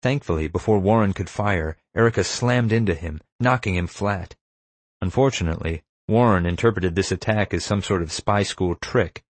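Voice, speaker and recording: Here an audiobook narrator delivers a first-person adventure story at a calm, even pace. He has a low voice that resonates from his chest, and the dry, close-miked recording has no room sound at all.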